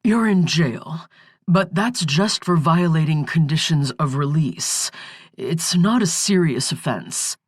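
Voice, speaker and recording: A woman voicing a male defense attorney who speaks in a measured, soothing way. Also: animated, slightly rough, dry recording, studio quality. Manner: measured, soothing, low-key. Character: calm male defense lawyer.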